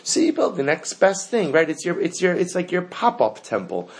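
A man's voice: sits high, very animated, normal speed. A man teaching a Torah lesson to a class. He asks the students questions and repeats the key phrases.

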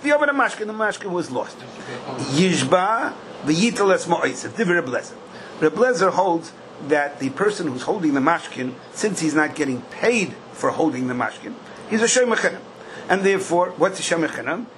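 Older teacher, slightly high voice, singsong questions, sudden emphatic bursts, faint background hiss. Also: male voice, expressive, normal speed, fairly bright tone, low-quality recording. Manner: questioning singsong, bursts of emphasis, Yiddish-style Hebrew terms. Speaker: Talmud teacher. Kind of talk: Talmud class lecture.

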